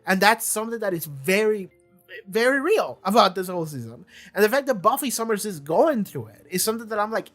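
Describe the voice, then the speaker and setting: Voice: mid-range voice, lively intonation, a little fast, a bit bright. A young adult host talking through a TV season in a rambling, casual review, repeating words and filling with "like".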